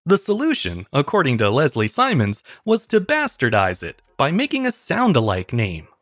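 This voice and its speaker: A man's voice: medium pitch, huge pitch swings, normal speed, fairly bright tone, no room sound, studio quality. A man hosting a history podcast, reading a scripted story in a wry, storytelling way. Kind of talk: scripted narration.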